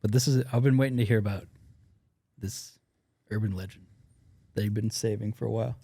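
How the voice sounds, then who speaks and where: A man's voice: on the low side, steady tone, a little fast, gravelly, mellow, dry recording, studio quality. A young man co-hosting a podcast, asking curious questions and laughing often. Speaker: podcast co-host. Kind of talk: casual chat.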